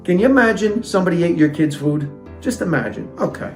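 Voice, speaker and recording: High-voiced man ranting over a storybook. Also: big pitch swings, fast talker, darkish tone, echoey room, faint music behind. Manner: sarcastic, indignant ranting. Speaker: comedian reading a fairytale aloud. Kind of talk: comic storybook reading with ranting asides.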